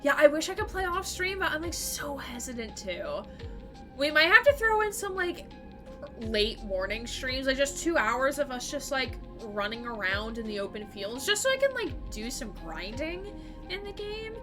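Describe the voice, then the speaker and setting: A woman's voice: high voice, big pitch swings, moderate pace, music in the background. A woman live-streaming a game and chatting casually with her viewers. She rambles, fills her sentences with "like" and laughs easily. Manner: chatty and rambling, heavy use of "like".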